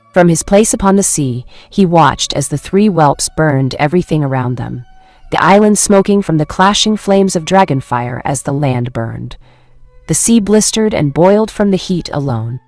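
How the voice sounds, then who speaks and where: A woman narrating a fan fiction story in a steady, dramatic manner. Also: low-pitched, dry recording.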